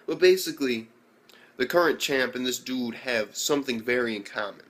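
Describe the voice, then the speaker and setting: A man's voice: mid-range voice, normal speed, fairly bright tone. A man giving a casual, rambling video review of an anime, swearing constantly and acting out the scenes as he goes. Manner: profane, rambling, acts out scenes.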